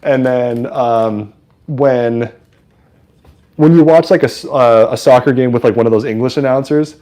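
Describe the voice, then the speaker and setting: Mellow-voiced man chatting through a football game. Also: mid-range voice, a little slow. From San Francisco. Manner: chatty and excitable, with frequent fillers. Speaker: livestream host. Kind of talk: casual live sports commentary.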